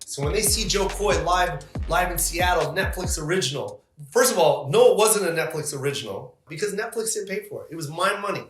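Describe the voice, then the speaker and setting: A man's voice: high voice, animated, fairly quick, echoey room, music in the background. Emphatic, indignant male comedian, profane. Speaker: comedian, interview guest. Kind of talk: animated interview talk.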